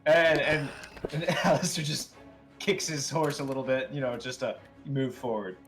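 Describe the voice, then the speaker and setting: A man playing a tabletop game, speaking in character in a calm, lecturing way. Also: mid-range voice, normal speed, soft background music. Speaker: player.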